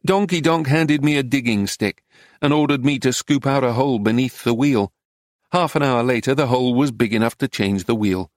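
A man narrating a memoir as an audiobook, telling it in a measured, even way. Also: medium pitch, no room sound, clean studio sound.

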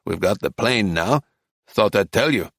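A man voicing a sullen, curt male council chairman in an audiobook, in a flat, disinterested manner. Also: on the low side, measured pace, vocal fry, no echo, studio quality, pitched below the performer's own voice, heavily acted. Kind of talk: audiobook character voice.

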